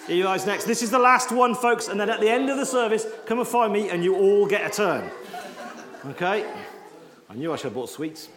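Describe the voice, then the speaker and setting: A man leading a lively all-age church talk with props, coaxing children along and joking at his own expense. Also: high voice, brisk, a crowd in the background. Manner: jokey, self-deprecating, coaxing children. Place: large church hall. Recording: echoey church hall with congregation.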